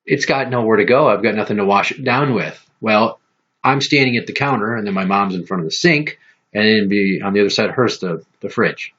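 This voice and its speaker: A man with a low, husky voice hosts a podcast and spins profane, animated stories. He talks with a hard, forceful edge. The audio is dull and lo-fi. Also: fairly quick. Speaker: podcast host. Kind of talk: casual podcast storytelling.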